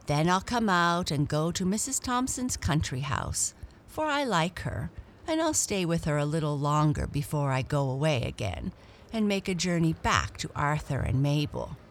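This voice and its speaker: A woman's voice: low voice, big pitch swings, normal speed, a little hiss or hum. A woman voicing a small female black cat who is timid but adventurous, musing to herself in a chatty way. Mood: planning.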